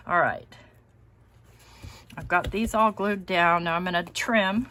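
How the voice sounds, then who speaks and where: A woman's voice: fairly low pitch, steady tone, slow pace, sharp tone, slight background noise. Chatty woman crafting live. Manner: chatty, self-deprecating, laughs often. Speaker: crafting channel host. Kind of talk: casual live crafting stream.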